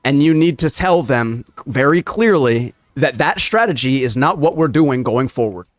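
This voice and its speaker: A man's voice: medium pitch, expressive, moderate pace, no room sound. A man giving a heated, profane reaction commentary on political clips, ranting in a casual way.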